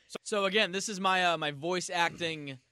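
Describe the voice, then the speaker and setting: A man's voice: sits high, pushed and bright, clear, resonant tone, no room sound, studio quality. An American man co-hosting a comedy podcast, rambling and riffing in casual comedic chat. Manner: rambling, jokey, quick to riff. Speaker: podcast co-host.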